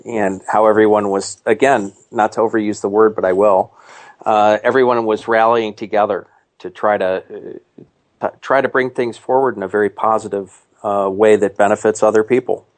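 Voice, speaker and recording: A man co-hosting a radio show, speaking in a halting way and repeating words as he sums up what the guest said. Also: fairly low pitch, steady tone. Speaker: radio co-host.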